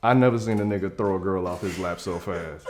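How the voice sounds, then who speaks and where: A man's voice: deep voice, fairly quick. Young man telling a comedic story. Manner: animated, acts out quoted lines in different voices.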